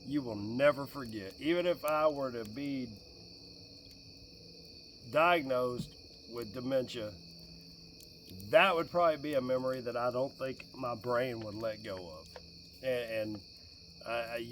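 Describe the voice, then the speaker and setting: A middle-aged man telling stories about family life in a casual, animated way, often laughing, sitting outdoors by a fire. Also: medium pitch, a little hiss or hum. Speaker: vlogger and dad. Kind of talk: casual fireside storytelling. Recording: distant mic outdoors, faint crickets. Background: faint crickets and outdoor ambience.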